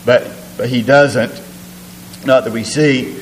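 A man delivering a sermon, reading scripture and then unpacking it in a loose, conversational way full of fillers and restarts. His voice is mid-pitched and carries a long reverb, as though he stands in a large hall. A faint hum sits underneath. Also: steady tone, slow. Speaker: preacher.

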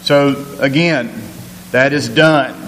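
A man preaching a sermon, reading scripture aloud and retelling it in a conversational, halting way with many restarts and fillers. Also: mid-range voice, fairly even intonation, a bit bright, big-room sound, slight background noise, low-quality recording.

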